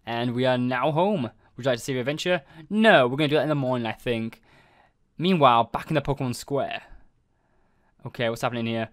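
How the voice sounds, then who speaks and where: A man hosting a let's play, excitable, reacting to the story with quick exclamations. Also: medium pitch, no room sound, clean studio sound.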